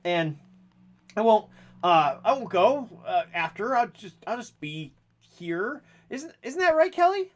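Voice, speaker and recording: A man's voice: big pitch swings, measured pace. A jittery courier who trips over every word, put on by a man running a tabletop game. The voice jumps well above his own and sounds strained and eager to please. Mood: nervous. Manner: stammering, high and nervous. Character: jittery, stammering city delivery courier.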